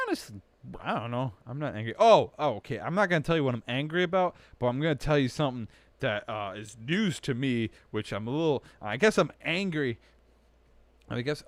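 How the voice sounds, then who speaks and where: A young man hosting a casual livestream show, rambling and self-mocking, jumping from mumbled asides to excited outbursts. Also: mid-range voice, no room sound.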